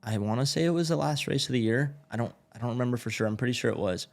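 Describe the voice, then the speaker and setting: A man's voice: medium pitch, very fast, vocal fry. A man, a motorcycle racer guest, casually telling a story with lots of "like" and swearing. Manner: laid-back, swears freely, filler "like".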